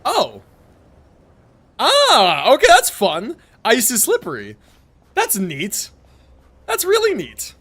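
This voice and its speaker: A man's voice: very high-pitched, huge pitch swings, slow pace, long pauses, sharp tone. A man live-streaming a video game, joking and rambling through casual commentary with plenty of swearing. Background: game music.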